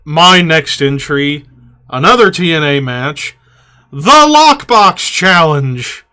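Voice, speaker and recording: High-voiced, ranting male podcaster. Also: animated, slow pace, pushed and bright, clear, resonant tone. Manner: profane, ranting, exasperated. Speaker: podcast host. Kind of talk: casual podcast chat.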